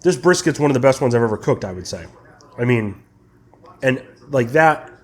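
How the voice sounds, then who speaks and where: A man's voice: mid-range voice, normal speed. Casual young man tasting his barbecue. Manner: relaxed, chatty, eating while talking. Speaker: barbecue channel host. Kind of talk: casual cooking vlog, tasting and reviewing.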